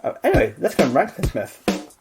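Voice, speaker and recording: A man co-hosting a podcast in casual chat, asking animated questions. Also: a little high, brisk, creaky, over loud music. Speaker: podcast co-host.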